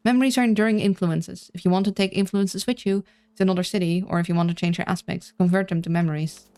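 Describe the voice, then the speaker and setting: A woman's voice: on the low side, fairly even intonation, quick pace, a little mellow. A woman casually playing a narrative game, reading its text aloud with chatty, playful asides and stumbles over names. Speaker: let's-play streamer.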